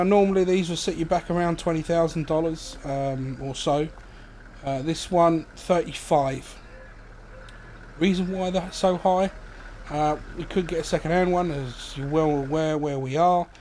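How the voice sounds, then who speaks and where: A man's voice: fairly high pitch, a little hiss or hum. A man giving casual, rambling commentary on a farming game he streams, full of ums and asides. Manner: relaxed, rambling, many fillers. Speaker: gaming streamer. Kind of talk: casual let's-play commentary.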